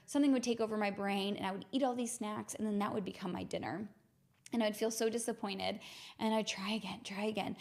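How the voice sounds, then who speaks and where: Creaky-voiced woman telling a playful story. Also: on the high side. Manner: animated, playful, acts out her own inner voice. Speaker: mindfulness podcast host. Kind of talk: personal storytelling talk.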